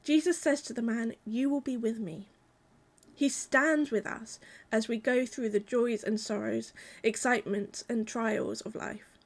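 Woman, preacher, calm measured sermon, reflective, slightly high-pitched. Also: creaky.

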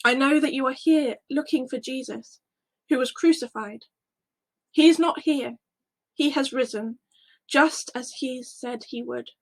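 A calm, gentle angel, shining and kind, speaks reassurance to frightened mourners in a spoken Bible story. A woman puts him on in her own high, breathy voice. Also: unhurried, rough recording. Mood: reassuring.

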